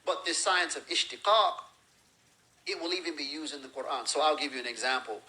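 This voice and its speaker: A man's voice: fairly high pitch, a little fast, sharp tone, low-quality recording. A man lecturing as a religious teacher, explaining terms with everyday examples and acted-out phrases.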